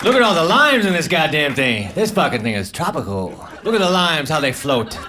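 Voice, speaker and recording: A man doing a stand-up comedy set of deadpan one-liners with mumbled asides, recorded live on a comedy club stage. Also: on the high side, a little fast, crowd noise, noisy background.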